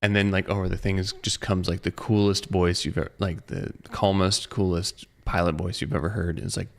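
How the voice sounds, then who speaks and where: A man with a low, gravelly voice tells a meandering story on a casual podcast with friends. He stops often to restart his sentences and slips into quick impressions of the people he is describing. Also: little pitch movement. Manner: rambling storyteller, acts out quoted voices. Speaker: podcast co-host. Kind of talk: casual chat among friends.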